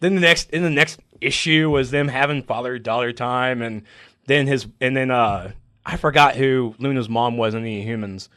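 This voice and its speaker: A man on a comic book podcast, chatting excitedly and emotionally, acting out scenes from the stories. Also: medium pitch, normal speed, dry recording, studio quality. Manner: emotional, animated, acts out comic scenes in voices. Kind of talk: excited casual chat.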